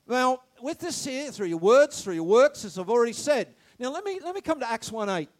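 A man preaching a sermon, animated, shouting some phrases and dropping to quiet asides, stammering when excited. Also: very high-pitched, fairly quick, hardly any pauses. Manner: animated, swings between loud shouts and quiet asides, laughs often.

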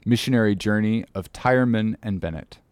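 A man narrating an audiobook in a measured, formal reading manner. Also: on the low side, darkish tone, clean tone, no echo.

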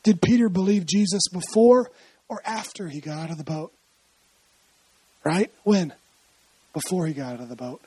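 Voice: mid-range voice, normal speed, long pauses, dark tone, slightly rough, rough recording. A preacher giving a conversational sermon, telling scripture stories in a chatty way and often asking rhetorical questions. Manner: asks frequent rhetorical questions; explains scripture in a chatty, storytelling way.

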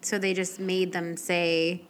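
A woman co-hosting a podcast, chatting casually with quick agreeing asides. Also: on the low side, flat delivery, slight background noise. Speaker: podcast co-host. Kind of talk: casual chat.

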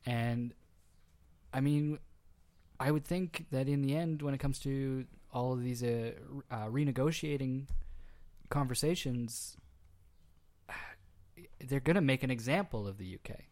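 Canadian male podcast co-host, middle pitch, laid-back and hesitant. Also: a little slow, a little mellow. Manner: easygoing, hesitant with fillers and restarts. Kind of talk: casual podcast chat.

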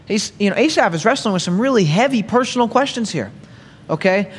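A man leads a Bible study, reading scripture aloud and then unpacking it in a relaxed, conversational way. He keeps asking rhetorical questions and tacking on "right?" and "okay?". His voice sits high for a man, and it rings out with the long reverb of a hall. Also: a little fast, husky. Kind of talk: sermon-style Bible teaching.

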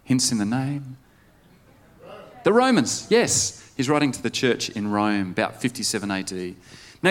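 A male pastor preaching a conversational sermon, putting questions to the congregation. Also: medium pitch. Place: church service.

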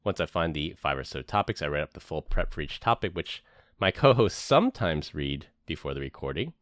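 A man's voice: very deep voice, very animated, brisk, a bit bright, no room sound, studio quality. A man hosting a podcast, narrating a prepared year-end recap in an earnest, scripted way. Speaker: podcast host. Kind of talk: scripted narration and casual chat.

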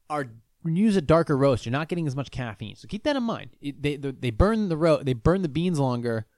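A man in a relaxed, rambling monologue, full of ums and restarts, cursing casually as he goes. His voice sits at an ordinary middle pitch. The recording is dry and close, with no room sound. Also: no room sound. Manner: loose, rambling, lots of fillers and restarts, swears freely. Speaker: vlogger.

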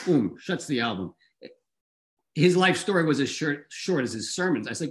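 A man telling a personal story in a conversational, animated and wry way. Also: on the high side, normal speed.

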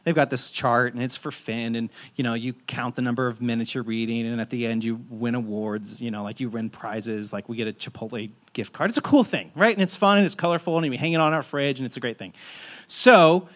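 A man in his thirties, a pastor preaching a sermon in a relaxed, conversational and self-deprecating storytelling way. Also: medium pitch, a little fast.

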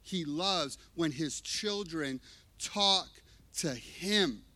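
Bright, animated preacher man. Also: a little high, very slow. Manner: animated and emphatic, swinging between hushed and loud. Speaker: pastor. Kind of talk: sermon. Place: church.

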